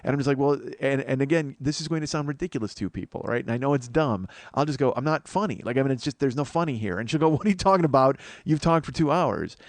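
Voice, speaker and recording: A man's voice: mid-range voice, fast, few pauses, a little mellow, no room sound. A sleep-deprived man hosting a comedy podcast, rambling in a self-deprecating monologue full of swearing and restarts. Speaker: podcast host.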